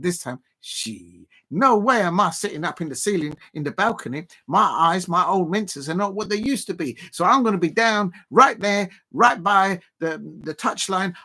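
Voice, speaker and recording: This high-pitched South Londoner runs a football watch-along stream, hyped up and ranting casually. He circles back to the same lines over and over, with loads of ums and other fillers.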